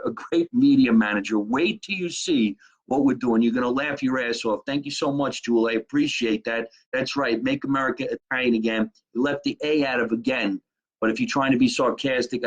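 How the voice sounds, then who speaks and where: A man's voice: medium pitch, breathy edge, low-quality recording. A middle-aged comedian from Jersey City, wisecracking brashly as he hosts a live stream from his apartment kitchen and reads out viewer comments. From Jersey City, New Jersey. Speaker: comedian hosting a live show.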